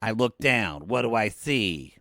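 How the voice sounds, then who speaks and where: A man putting on a whiny middle-aged woman, a bride-to-be who sulks and complains in a deep, low register with lively swings of pitch. She sounds demanding and quick to take offence, in a dry, close recording. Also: gravelly, no room sound, exaggerated voice. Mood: complaining.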